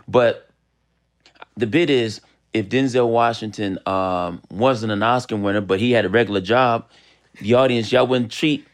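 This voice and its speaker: A man from Los Angeles, a guest actor and comedian chatting casually on a podcast, talking in halting bursts with many fillers and restarts. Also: fairly low pitch.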